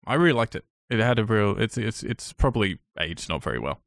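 A man's voice: on the low side, very animated, brisk, creaky, no echo, studio quality. A man co-hosting a podcast, chatting about films with enthusiasm and a rambling, restarting way of talking. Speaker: podcast co-host. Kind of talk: casual film chat.

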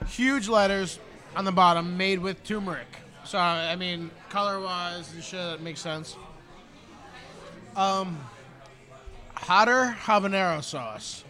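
Male podcast co-host, high bright voice, easygoing and profane. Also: slow. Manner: loose, profane, reads labels aloud. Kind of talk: casual podcast chat.

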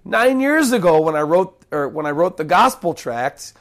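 Gravelly-voiced man preaching a sermon. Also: fairly high pitch, very animated. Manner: hushed, earnest praying, then emphatic teaching with slow stressed phrases; folksy, with small jokes and restarts. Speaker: pastor. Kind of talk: sermon with opening prayer.

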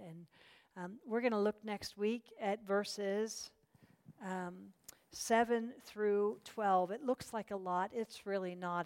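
A woman's voice: mid-range voice, darkish tone, big-room sound. A woman teaching a Bible study class, encouraging and chatty, with many fillers and restarts.

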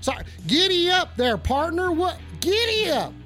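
A man's voice: very high-pitched, sing-song, moderate pace, a bit bright, soft background music, full character voice. A man playing a stoned, blustering cowboy host of a comedic call-in radio show, with a drawling, swaggering, profane way of rambling.

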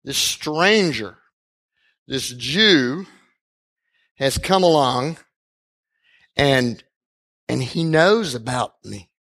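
A man preaching a sermon, retelling a scripture story in an animated way and acting out its characters. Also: mid-range voice, drawn-out words, long pauses. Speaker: pastor.

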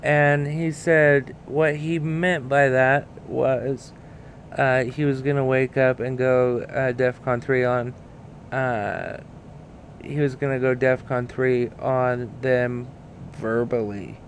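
A man talks through his solo podcast in a slow, halting way, full of filler sounds and restarts. He swears casually, and his voice sits at a middle pitch. A faint background noise runs underneath. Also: level tone. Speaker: podcast host.

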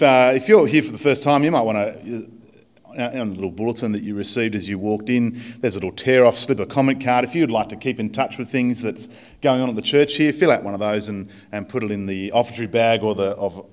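A man preaching a casual, chatty sermon in church, self-deprecating, with many fillers and restarts. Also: fairly low pitch. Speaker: pastor.

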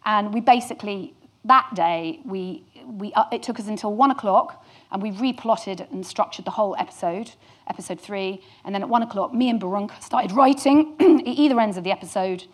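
A woman's voice: mid-range voice, brisk. A woman candidly telling a work anecdote to an audience, with some swearing and self-deprecating humour. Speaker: storyteller guest.

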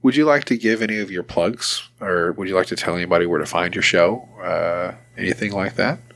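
Gravelly laid-back male podcast host. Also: sits low, brisk, a bit bright. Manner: laid-back, swears freely, laughs often. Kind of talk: casual chat.

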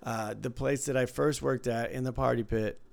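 Gravelly, mid-pitched man; easygoing, agreeable co-host type; dry close sound. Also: steady tone, normal speed, dry recording. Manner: easygoing, agreeable, frequent "right". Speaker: casino floor supervisor. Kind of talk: casual podcast chat.

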